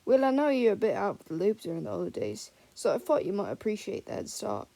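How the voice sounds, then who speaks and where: A woman's voice: medium pitch, very animated, quick pace, gravelly, warm tone. A woman voicing a friendly, easygoing male wizard professor, reassuring and chatty.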